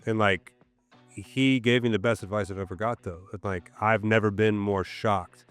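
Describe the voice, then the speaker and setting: Man, deep low voice, smooth and clear, candid storyteller, casual interview. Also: normal speed, soft background music. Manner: candid, animated storyteller with fillers like "so, like". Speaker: podcast guest, gym owner.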